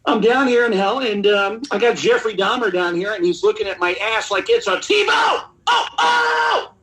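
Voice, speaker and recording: High shouting comic calling from hell, wild and loud, prank-call bit. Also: male voice, very animated, moderate pace, creaky, heavily acted, rough recording. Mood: manic. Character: loud comedian yelling from hell.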